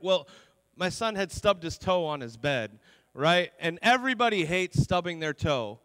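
A man's voice: sits high, unhurried, pushed and bright, smooth, no room sound, in a large hall. A young adult man preaching a conversational sermon as pastor in a church, repeating words and dropping in many "you know"s. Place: church sanctuary.

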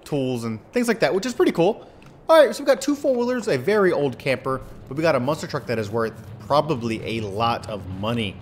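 A gaming channel host plays a farming video game with his young son, laughing and teasing him playfully as they go. His medium-pitched voice swings widely in pitch and moves a little fast.

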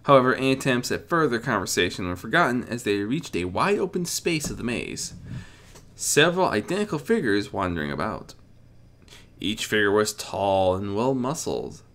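A man narrating a dramatic reading of a story in an expressive, animated way. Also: lowish voice, moderate pace, slight background noise. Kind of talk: dramatic fan fiction reading.

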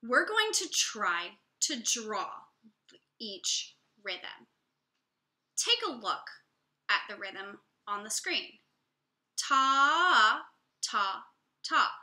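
Bright, lively woman teaching children music. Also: a little high, reverberant. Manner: slow, clear, encouraging teacher talk to young children.

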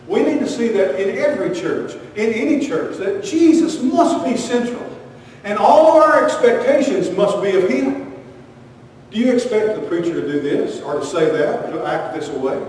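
A man preaching a sermon as pastor, emphatic, firing rhetorical questions, swinging between loud bursts and quiet asides. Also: high-pitched, animated, unhurried, a little hiss or hum. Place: church sanctuary. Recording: echoey hall recorded from far off.

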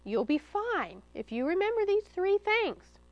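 A woman's voice: extremely high pitch, sing-song, unhurried, dry recording, voice pushed up, heavily acted. Lady doing a stern mama pig in a storybook, bossy and firm. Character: stern, caring mother pig.

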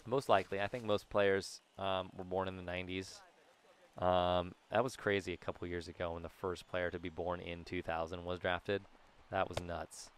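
A young man talking through his baseball video game in a loose, rambling, joking way, now and then bursting into excited shouts. His voice is smooth and clear and sits a little low. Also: measured pace. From Southern California. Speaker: gaming YouTuber. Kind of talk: casual gameplay commentary.

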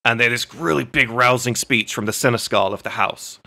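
A man's voice: mid-range voice, fairly quick, gravelly, pushed and bright. A man hosting a casual podcast chat, telling anecdotes and swearing freely. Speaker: podcast host.

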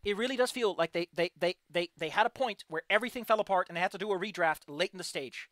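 Woman streamer, fast and excitable, frustrated game critique, dry close mic. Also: fairly low pitch, no room sound. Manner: animated, excitable outbursts. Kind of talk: casual livestream commentary.

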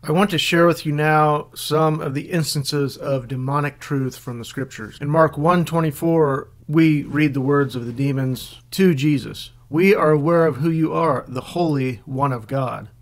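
A man narrates a Bible teaching in a steady, measured read, quoting scripture passages between his points. His voice sits slightly high for a man. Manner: measured, reads scripture aloud.

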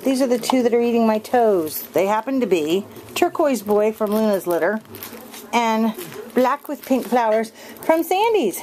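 A woman breeder filming her puppies at home, narrating casually and slipping into high sing-song baby talk. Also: lively intonation, normal speed, darkish tone. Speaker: dog breeder. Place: indoor room at home with puppies. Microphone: handheld camera mic. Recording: noisy home camcorder recording.

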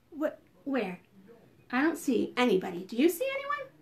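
A young woman librarian reading a picture book aloud at preschool storytime, talking to the children with gasps, whispers and sudden bursts of excitement. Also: sits high, moderate pace, creaky, long pauses. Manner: animated, gasping and whispering to draw children in.

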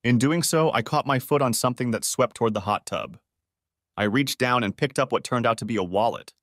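A man reading a first-person story aloud in a steady, even manner. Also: medium pitch, a little fast, dry recording, studio quality. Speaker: audiobook narrator.

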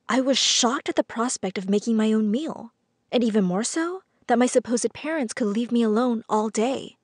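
A woman reading a scripted first-person story as narrator, in a measured, earnest storytelling manner. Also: fairly high pitch, dry recording, studio quality.

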